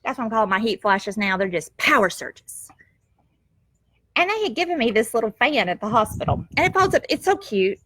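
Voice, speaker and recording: Animated, fairly high-voiced middle-aged woman. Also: fairly quick, no echo. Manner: animated, laughs easily, homespun phrasing. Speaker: vlogger telling a family story. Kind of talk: casual storytelling. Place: at home, goats nearby. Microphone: camera.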